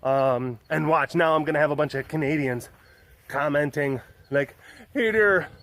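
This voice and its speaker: A man's voice: on the high side, flat delivery, moderate pace. A man vlogging outdoors in a casual, rambling way, joking with many fillers and restarts, filming on a phone. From Texas. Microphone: phone held in hand.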